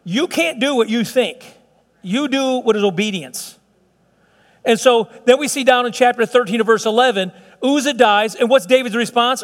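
High-voiced pastor preaching in a reverberant church. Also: male voice. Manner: conversational, playful asides with many restarts. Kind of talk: sermon.

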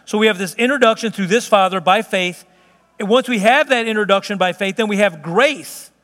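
High-voiced preaching man, echoey hall. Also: brisk, fairly bright tone. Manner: earnest, conversational preaching with vivid storytelling. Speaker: pastor. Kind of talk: sermon.

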